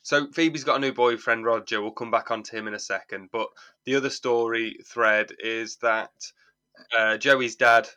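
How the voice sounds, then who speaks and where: Bright-voiced man chatting casually. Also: medium pitch, fairly even intonation, moderate pace. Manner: rambling, restarts, amused. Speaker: podcast co-host. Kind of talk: casual chat recapping a sitcom episode.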